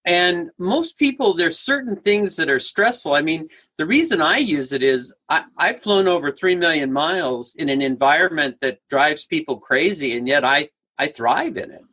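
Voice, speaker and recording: A man's voice: fairly high pitch, lively intonation, normal speed, few pauses, bright, forceful tone. A man telling humorous stories as a guest speaker, acting out the people in them and laughing as he talks. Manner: acts out characters in stories, laughs while talking. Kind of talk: animated storytelling conversation.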